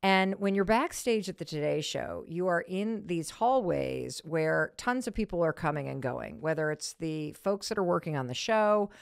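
A middle-aged woman hosting a podcast, telling a story in a casual, animated way and acting out quotes in a high voice. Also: normal speed, vocal fry, few pauses, smooth, no room sound, studio quality. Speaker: podcast host.

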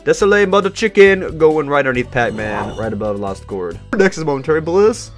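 A young man casually rambling and reacting to songs as a host, excitable and self-mocking. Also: a little high, fairly quick. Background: faint song music playing.

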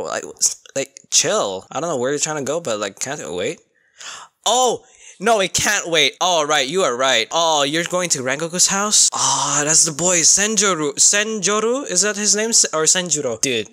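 A young man giving casual, excitable reaction commentary, swearing freely and breaking into sudden outbursts. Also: fairly high pitch. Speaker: anime reaction youtuber.

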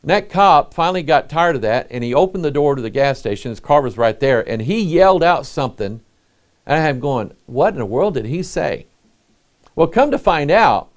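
A man, a pastor preaching a sermon in a folksy, conversational way, reading King James scripture aloud and asking his listeners rhetorical questions. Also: mid-range voice.

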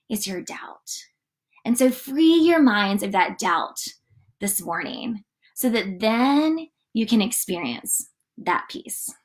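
A woman giving a casual morning devotional, chatty and animated, often saying "like" as she reads and talks. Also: fairly high pitch, slow pace. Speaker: church devotional leader.

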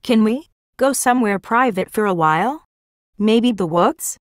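A woman's voice: mid-range voice, expressive, a little slow, no room sound, studio quality, close to an everyday voice. A woman voicing an insecure, pouty teenage girl in an audiobook. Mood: pleading.

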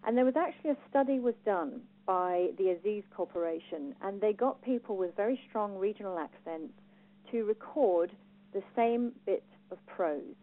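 A woman with a Home Counties English accent giving a lively talk on personal branding to a live audience, asking them questions. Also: medium pitch, normal speed. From England. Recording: phone-like thin sound.

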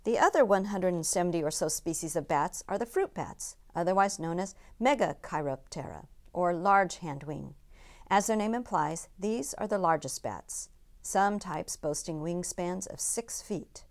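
A woman in her sixties, a teacher reading aloud slowly and carefully from a book's factual afterword. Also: on the low side, expressive. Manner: slow, careful expository reading.

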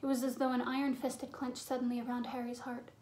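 A woman narrating a fantasy novel as an audiobook, in a measured, suspenseful storytelling manner. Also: a little high, little pitch movement, a little mellow. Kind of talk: storybook reading.

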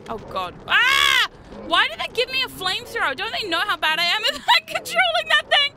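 A woman streamer giving live gameplay commentary. She is excitable, shrieks and swears at the game, and makes chatty, self-mocking asides to viewers. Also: very high voice, a little fast, very noisy. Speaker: VTuber streamer playing a video game. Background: game music.

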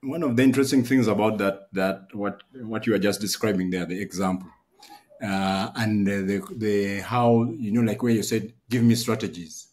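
A man's voice: fairly low pitch, fairly even intonation, moderate pace, a little mellow. A man hosting a podcast, talking reflectively and thinking aloud with fillers. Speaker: podcast host. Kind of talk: casual conversation.

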